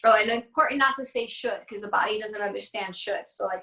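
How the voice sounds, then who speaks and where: A woman's voice: mid-range voice, a little fast, sharp tone, echoey room, recorded from a distance, low-quality recording. A woman teaching an online class in a casual, chatty way, laughing often, on a video call.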